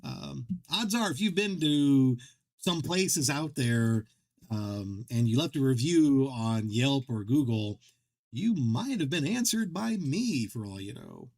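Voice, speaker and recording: A man's voice: medium pitch, animated, slow, darkish tone. A man hosting a game livestream, rambling and joking at his own expense in casual chat. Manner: rambling, self-deprecating, joking, many restarts. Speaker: streamer host.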